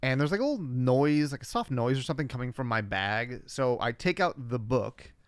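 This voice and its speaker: A man co-hosting a podcast, casually retelling scenes in a relaxed, wry way with filler words. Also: medium pitch, a little fast, clean tone, no room sound. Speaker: podcast co-host. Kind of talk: casual recap chat.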